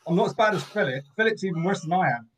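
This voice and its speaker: Brief: Cornish guest in his fifties, precise memory, halting delivery, higher pitch. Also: expressive, fairly bright tone, a little hiss or hum, poor audio. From Cornwall, England. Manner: precise about dates, hesitant with fillers. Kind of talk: casual chat.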